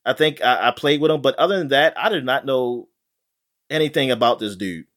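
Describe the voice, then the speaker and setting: A man co-hosting a casual chat show, animated and laughing often, with frequent restarts. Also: mid-range voice, a little fast. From not British. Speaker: podcast co-host.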